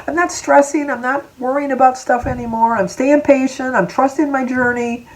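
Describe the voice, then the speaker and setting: A woman's voice: high voice, moderate pace, a little mellow, poor audio. Older woman vlogger, sixties, rambling personal story told casually to camera, teary and chatty. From Michigan, USA. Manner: chatty and rambling, drifting off topic with asides and laughs; emotional, close to tears.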